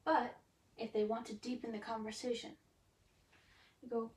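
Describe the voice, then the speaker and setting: A woman teaching a beginner language lesson, explaining step by step in a chatty way and saying example phrases with lively rises. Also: a little high, moderate pace, slightly rough.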